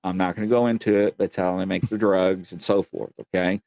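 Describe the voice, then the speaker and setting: Man, talk show host, low-pitched, folksy, rambling stories. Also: fairly even intonation, a little fast, vocal fry, darkish tone. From Kentucky. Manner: folksy, meandering, speaks to the audience directly. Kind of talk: casual rambling storytelling.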